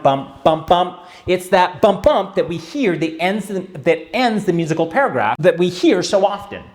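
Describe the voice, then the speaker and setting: A man teaching a tango music lesson in a chatty way, with wry asides and frequent "all right" check-ins. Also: on the high side. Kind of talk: instructional video lesson.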